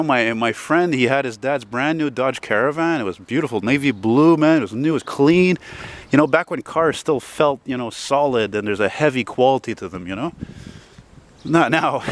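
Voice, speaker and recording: A man in his forties from Montreal, rambling casually and swearing now and then as he films himself walking up a city street. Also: medium pitch. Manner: rambling, chatty, swears casually, many fillers. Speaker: vlogger.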